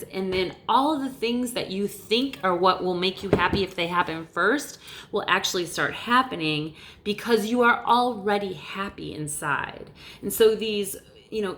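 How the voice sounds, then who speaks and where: A middle-aged woman giving a casual motivational talk to camera, animated and emphatic, swearing casually. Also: mid-range voice. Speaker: motivational vlogger. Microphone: camera mic, looking off-lens.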